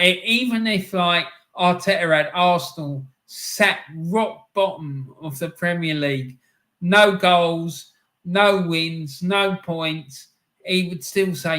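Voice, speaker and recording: Slow, chatty bloke hosting a stream. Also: male voice, a little high, pushed and bright. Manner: chatty, laughs often, lots of ums and "mate". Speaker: live-stream host. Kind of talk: casual live-stream chat reading comments.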